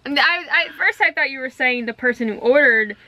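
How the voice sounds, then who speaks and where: A woman's voice: sits high, brisk, pushed and bright, low-quality recording. A young woman in casual podcast chat, talkative and giggling a lot. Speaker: podcast co-host.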